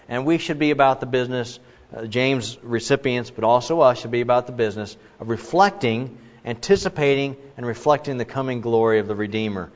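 A man's voice: mid-range voice, a little mellow. A man preaching a sermon in an emphatic way, with many asides and restarts. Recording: muffled, with long reverb in a large hall.

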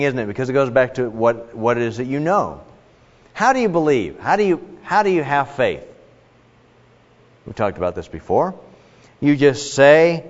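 Man teaching the Bible in a hall. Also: a little high. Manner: conversational, emphatic, restarts often. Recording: dull audio, long reverb in a hall.

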